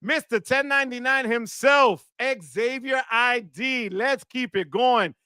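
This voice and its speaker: Bright, high-voiced excited stream host. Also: male voice, slow pace, clean tone, no room sound, clean studio sound. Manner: enthusiastic, shouts "wepa" often. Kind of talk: live stream super chat shout-outs.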